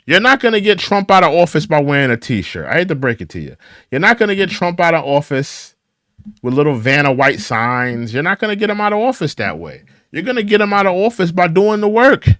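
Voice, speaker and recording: A man's voice: fairly high pitch, very animated, brisk, fairly bright tone, dry recording, clean studio sound. A man hosting a political reaction show, scolding the clips he plays and often repeating himself. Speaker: political commentary host. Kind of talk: reaction commentary.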